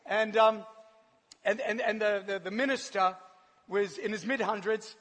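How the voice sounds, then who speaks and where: Laughing often as he animatedly tells his story, a New Zealand-accented man from New Zealand shares a personal testimony as part of a sermon. He speaks a little slowly in a high voice, and the hall adds a long reverb.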